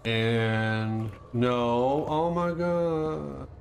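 A man's voice: medium pitch, level tone, drawn-out words, vocal fry, a little hiss or hum. Jokey man commentating a horror game. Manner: jokey, panicky yelps and shouts when scared. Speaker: let's play gamer.

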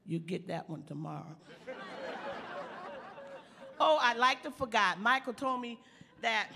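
An actress playing an elderly woman stand-up comic, telling folksy jokes with slow, sly punchlines on a theater stage. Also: fairly high pitch, expressive, vocal fry, noisy background. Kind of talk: live stand-up comedy routine in a play. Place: theater stage before an audience. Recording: long hall reverb of a live theater.

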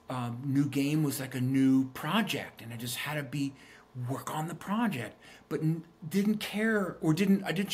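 A middle-aged man and guest musician telling stories earnestly and reflectively in a casual interview, often repeating words as he thinks. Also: fairly high pitch.

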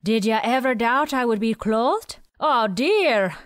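Female narrator as a wheezy, nasal, fussy male quartermaster, higher and brighter; dry read. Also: lively intonation, slow, no room sound. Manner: fussy, teasing, chatty.

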